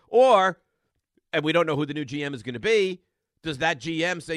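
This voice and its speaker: A man's voice: fairly high pitch, expressive, brisk, dry recording, studio quality. A man hosting a sports radio show, ranting in a rambling, exasperated monologue full of restarts.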